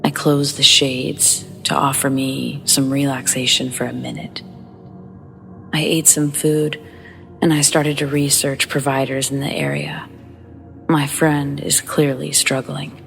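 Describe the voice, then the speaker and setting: A woman narrating a scary story in a hushed, somber storytelling manner. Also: very deep voice, level tone, measured pace, creaky, soft background music.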